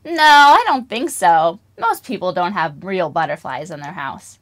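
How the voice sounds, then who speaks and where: A woman's voice: on the low side, big pitch swings, a little slow, fairly bright tone. Sing-song woman teaching toddlers. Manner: sing-song, exaggerated gasps and wonder, questions to toddlers. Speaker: preschool music teacher. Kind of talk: children's lesson, singing and toy play.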